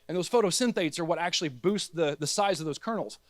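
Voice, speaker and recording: A man giving an energetic, conversational presentation to a room of growers, talking straight to the crowd. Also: on the high side, fast talker, no room sound. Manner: energetic, conversational, addresses audience as guys, acts out the plant's voice. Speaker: agronomy speaker at a grower meeting. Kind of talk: conference presentation.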